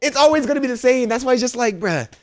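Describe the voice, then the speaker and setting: A man's voice: very high voice, lively intonation, quick pace, no room sound, studio quality. A man co-hosting a podcast in casual chat, rambling and mimicking other people in quoted bits. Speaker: podcast co-host.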